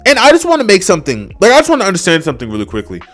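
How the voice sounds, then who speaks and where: A man's voice: sits high, wildly swooping pitch, rapid-fire, fairly bright tone, faint music behind. A young man ranting unscripted as a wrestling reviewer, exasperated and profane, full of fillers. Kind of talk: unscripted rant.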